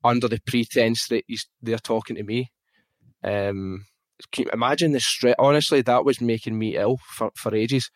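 A man's voice: mid-range voice, moderate pace, no room sound. A man with a Glaswegian Scottish accent, speaking frankly and with feeling as he tells a personal story in casual conversation, swearing now and then. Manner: animated, frank, swears freely. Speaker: guest on a podcast.

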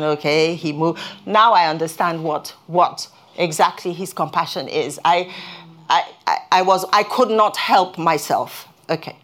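Earnest woman preaching a sermon. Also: fairly low pitch. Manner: earnest, halting restarts, rises when stirred. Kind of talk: sermon with personal testimony.

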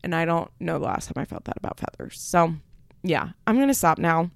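A young woman talks alone into a close, dry podcast mic, her low voice heavy with vocal fry. She rambles and swears casually while on the edge of tears. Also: expressive, a little fast, no room sound. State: tearful. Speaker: podcast host. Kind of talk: solo podcast announcement.

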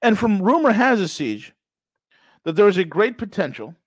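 High-voiced ranting male talk host. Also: sing-song, moderate pace, no room sound. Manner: ranting, sarcastic, emphatic. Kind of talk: political talk commentary.

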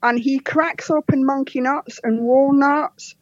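A woman from Scotland with a soft, posh Scottish accent, chatting as a podcast guest, laughing often and telling jokes. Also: sits high, fairly even intonation, unhurried, highs cut off. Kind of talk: casual interview chat.

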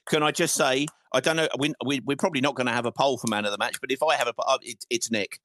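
A man hosting a football fan call-in, ranting in frustration with swearing and halting restarts. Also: mid-range voice, steady tone, a bit bright, a little hiss or hum. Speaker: host of a fan phone-in. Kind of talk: casual football fan rant.

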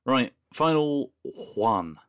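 A man's voice: medium pitch, lively intonation, drawn-out words, dry recording, studio quality. A man co-hosting a podcast in casual chat, reading listener emails aloud with playful, wry asides and frequent laughter. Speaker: podcast co-host.

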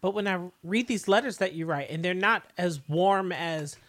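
A woman co-hosting a casual history podcast, thoughtful and drawn-out as she talks things through. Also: fairly low pitch. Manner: slow, thoughtful, drawn-out phrasing. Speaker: podcast co-host.

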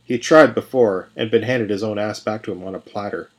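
Husky male fantasy storyteller. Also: lowish voice, fairly quick. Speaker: podcast storyteller. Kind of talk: scripted fantasy narration.

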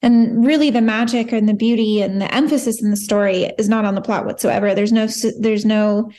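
A woman's voice: medium pitch, steady tone, brisk, dark tone. A woman co-hosting a book podcast, speaking earnestly and enthusiastically about a story. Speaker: podcast co-host. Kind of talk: casual book discussion.

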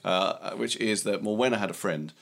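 A middle-aged man in casual chat, animated and enthusiastic, swearing now and then. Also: fairly low pitch, normal speed, gravelly. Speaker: podcast co-host.

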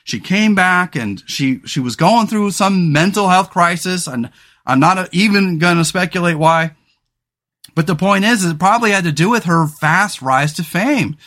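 A man's voice: high voice, expressive, moderate pace, a bit bright. A man hosting a solo podcast in casual talk, rambling and frank, with many fillers and restarts. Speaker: podcast host.

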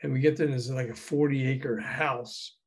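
An older man, a guest in an interview, telling animated anecdotes with chuckles and acting out quoted dialogue. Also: medium pitch, moderate pace, slightly rough. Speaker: guest, former record promotion man. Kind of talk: casual storytelling interview.

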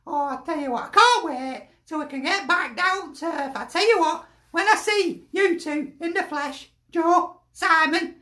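Lancashire woman, very high voice, slow and chatty, jokey football fan, echoey room. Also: bright, forceful tone. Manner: chatty, jokey, laughs often, broad dialect. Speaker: fan sending in a video reaction. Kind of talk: casual fan reaction chat.

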